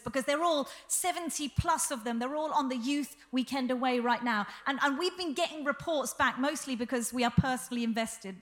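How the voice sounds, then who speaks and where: High-voiced woman preaching. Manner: lively, humorous, earnest preaching. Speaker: senior pastor. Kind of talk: sermon.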